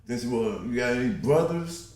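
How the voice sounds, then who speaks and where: A man's voice: mid-range voice, a little fast. Profane older man telling street stories. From Compton, Los Angeles. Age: 60s. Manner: profane, animated storyteller, laughs often. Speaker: podcast guest. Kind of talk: casual storytelling. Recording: roomy echo.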